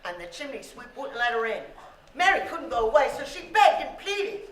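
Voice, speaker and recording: A woman storyteller telling a story to a live audience in an animated way, asking her listeners questions and bantering with them. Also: high voice, moderate pace. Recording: roomy with faint background noise.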